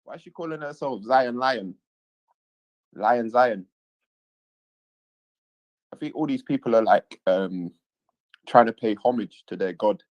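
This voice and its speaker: A man's voice: mid-range voice, a little slow, pauses often, no echo, muffled recording. Man hosting a live-stream chat. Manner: repeats his lines, reads chat aloud, laughs often. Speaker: livestream host.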